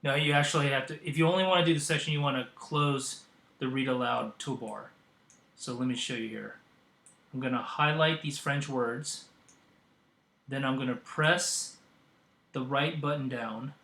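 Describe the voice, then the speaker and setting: A man hosting a software tutorial, demonstrating as he goes and pausing often with ums and uhs. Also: medium pitch, creaky, reverberant. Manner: hesitant, with frequent ums and uhs. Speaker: tutorial host. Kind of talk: screen-recorded software tutorial.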